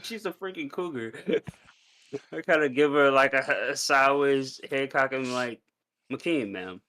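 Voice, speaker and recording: A man's voice: medium pitch, steady tone, moderate pace, sharp tone, clean tone. A man playing a tabletop game, describing his character's moves casually and jokingly. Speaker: player. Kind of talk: tabletop role-play chat.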